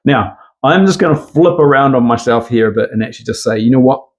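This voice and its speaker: A man's voice: mid-range voice, lively intonation, fast. Rambling, profane man. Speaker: commentator. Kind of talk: casual opinion monologue.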